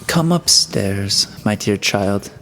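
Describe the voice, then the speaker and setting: A man's voice: fairly low pitch, expressive, takes it slowly, fairly bright tone, long reverb tail, a little hiss or hum, exaggerated voice. A man voicing a prim, stern older female guardian in a storybook reading, reproving in manner.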